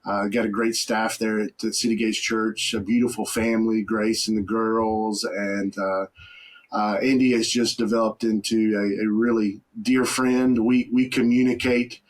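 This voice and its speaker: A man's voice: lowish voice, little pitch movement, a little slow. Easygoing pastor, man. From Mississippi, USA. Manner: folksy, joking, easygoing. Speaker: pastor, podcast guest. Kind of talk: casual podcast chat.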